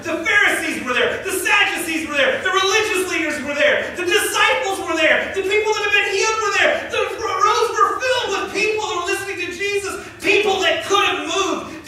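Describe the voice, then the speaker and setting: A male pastor preaching a sermon in a church, telling the story dramatically and swinging between loud and hushed delivery. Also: very high voice, a little fast, hardly any pauses. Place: church sanctuary. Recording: echoey church hall from far off.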